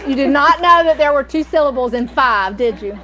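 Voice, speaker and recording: A woman's voice: high voice, expressive, fairly quick, pushed and bright, rough recording. A middle-aged woman, chatting and telling stories while teaching a cooking class. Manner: chatty, storytelling, folksy. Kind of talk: casual cooking demonstration.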